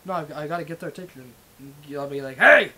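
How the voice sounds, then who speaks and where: A man's voice: on the high side, fast talker, low-quality recording. A young man hosting a livestream, ranting in a rambling, profane way with lots of restarts. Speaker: livestream host. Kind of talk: ranting casual monologue.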